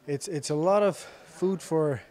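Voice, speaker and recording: Young guy, faint irish lilt over his english, soft and hesitant, bit higher voice, lots of uhs, talking in a gym. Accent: slight Irish-tinged English. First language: Icelandic. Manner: soft-spoken, many pauses and fillers. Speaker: interviewed fighter. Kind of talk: casual interview answers. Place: sports gym.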